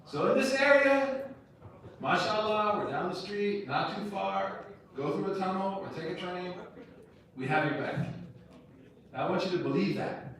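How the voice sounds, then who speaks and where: A man's voice: sits high, animated, measured pace, pauses often, fairly bright tone. A man, an imam, giving a casual lecture to students, talking directly and conversationally with slang and rhetorical questions. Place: university lecture room. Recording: echoey room, picked up from a distance.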